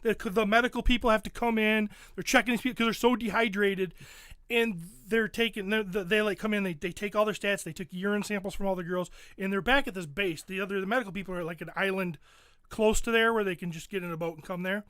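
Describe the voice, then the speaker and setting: A man's voice: sits high, fairly even intonation, fast talker, a bit bright, smooth, dry recording, clean studio sound. A man hosting a podcast, animatedly retelling a show in casual, profane chat. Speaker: podcast host.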